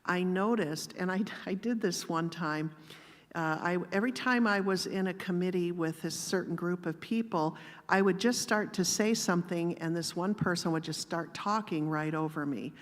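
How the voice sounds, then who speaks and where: A woman gives a sermon-style talk in an even, gently conversational manner, telling personal stories. Her voice sits low. A long church-hall reverb trails after every phrase. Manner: calm, measured, gently conversational. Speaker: guest speaker.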